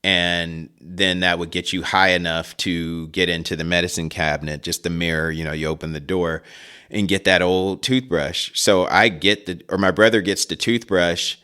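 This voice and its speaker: Low-voiced man in his forties telling stories. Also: steady tone, normal speed, pushed and bright, smooth. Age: 40s. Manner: rambling, chuckling, frequent asides. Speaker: podcast host. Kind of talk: casual storytelling.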